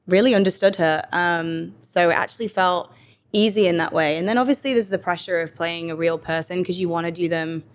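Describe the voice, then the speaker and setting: A woman's voice: on the low side, a little fast. A young English woman, an actor guest, telling stories in a casual interview chat with lots of quoted asides. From England. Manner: chatty, animated storytelling with quoted asides.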